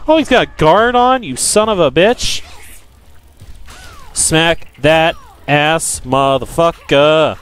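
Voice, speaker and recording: A young man giving profane, frustrated gameplay commentary, yelling at enemies and joking with viewers. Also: on the high side, animated, takes it slowly, clean tone. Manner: jokey self-promotion to viewers. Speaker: let's play gamer.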